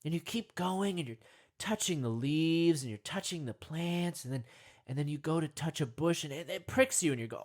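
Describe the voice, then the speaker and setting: A young man rambling through a comic meditation monologue, often talking to himself and leaping into high, excited voices. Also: moderate pace.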